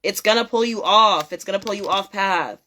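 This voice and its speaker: A woman's voice: medium pitch, moderate pace, sharp tone, slight background noise. A young woman giving a casual tarot reading, blunt and profane, repeating her points emphatically. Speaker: tarot reader.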